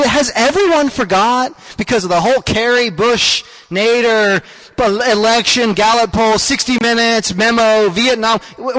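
A man's voice: extremely high pitch, a bit bright. A man hosting a show, delivering a rambling, stammering, indignant comic rant. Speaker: radio show host. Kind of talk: comic ranting monologue.

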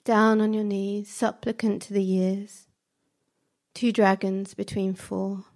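A woman reciting spoken word poetry in slow, measured, fragmented phrases. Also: mid-range voice, monotone, vocal fry, darkish tone.

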